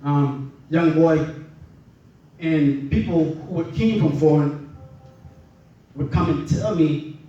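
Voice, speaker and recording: A man's voice: a little high, slow pace, pauses often, warm tone, very echoey, distant mic, muffled recording. A man from the Bahamas, preaching a sermon in a conversational way and often asking "right?".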